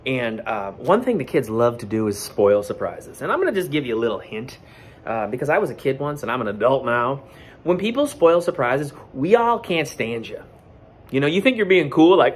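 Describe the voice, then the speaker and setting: A man's voice: mid-range voice, brisk, slightly rough. A man who teaches, talking playfully to children before reading a picture book aloud. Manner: animated, chatty and playful with children. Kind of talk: storytime read-aloud for kids.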